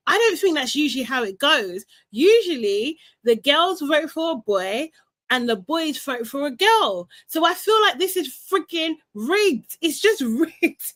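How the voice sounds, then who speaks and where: Lively woman dishing reality-show gossip. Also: high voice, dry recording. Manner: animated and opinionated, mimics people in quotes, laughs often. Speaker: host recapping a reality show. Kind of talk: casual live recap chat.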